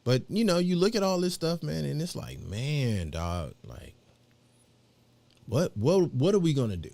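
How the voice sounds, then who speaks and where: A man's voice: on the high side, very animated, a little slow, gravelly, warm tone. A middle-aged man hosting a live show, chatting in a rambling, slangy way with lots of fillers. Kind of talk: casual livestream chat.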